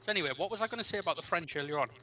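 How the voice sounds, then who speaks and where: A man's voice: high-pitched, expressive, rapid-fire, sharp tone, poor audio. A man with a Geordie accent chatting casually while playing a flight game, rambling and self-deprecating as he shares facts. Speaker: co-host on a gaming stream. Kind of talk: casual gaming chat.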